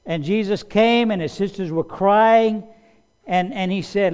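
A man preaching a sermon in an animated way, restarting phrases and raising his voice for quoted commands. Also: sits high, a little slow, smooth. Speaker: pastor.

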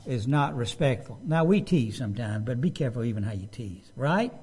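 A man's voice: mid-range voice, animated, a little fast, a little mellow, slightly rough. A middle-aged man preaching a sermon, talking conversationally and putting questions to his listeners. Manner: conversational, asks the congregation questions.

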